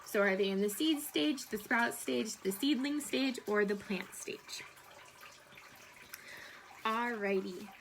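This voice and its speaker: Warm-toned, patient woman teacher speaking to kids at home, a faint trickle of water behind. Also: on the high side, creaky, a little hiss or hum, rough recording. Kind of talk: remote homeroom lesson for children.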